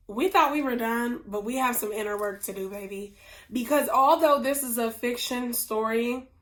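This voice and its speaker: A woman's voice: fairly high pitch, a bit bright. Earnest woman reviewing a book. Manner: earnest, personal storytelling with quick asides.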